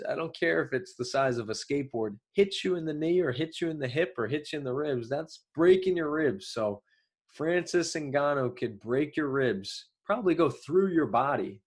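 Excitable Long Island man talking fights. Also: mid-range voice, moderate pace. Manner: excitable, animated outbursts, loose fillers. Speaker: MMA show host. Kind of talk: solo commentary.

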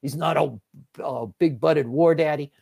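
Mellow-voiced man rambling about football. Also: fairly high pitch, moderate pace, gravelly, husky. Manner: rambling, self-correcting football talk. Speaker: podcast guest and sports writer. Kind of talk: casual sports podcast chat.

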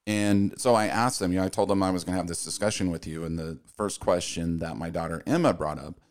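A man from Utah hosting a podcast, talking in a relaxed, casual way. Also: low voice, quick pace. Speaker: podcast host. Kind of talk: casual podcast chat and read ad.

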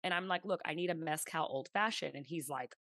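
A woman with a fairly low, fairly bright voice talks fast, recorded cleanly in a studio with no room sound. Co-hosting a podcast, she chats casually, telling stories and quoting people in playful voices.

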